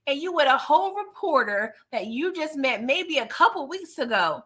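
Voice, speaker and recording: A woman from New York casually recapping a TV episode, chatty and sassy with animated asides. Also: sits high, normal speed. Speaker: TV recap vlogger.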